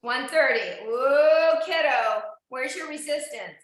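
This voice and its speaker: Woman cycling coach calling out to riders by name, bright and sharp tone, lots of room echo. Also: sits high, takes it slowly. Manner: encouraging, checks in on riders by name. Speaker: indoor cycling instructor. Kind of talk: live online fitness class coaching. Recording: very echoey room.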